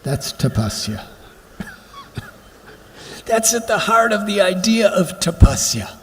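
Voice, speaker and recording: A man with a fairly high voice delivers a devotional lecture at an unhurried pace. He tells stories reflectively and leans on emphatic pauses. The sound carries a long hall reverb over a faint hum. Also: wildly swooping pitch, fairly bright tone. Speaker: spiritual lecturer. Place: temple hall during a pilgrimage.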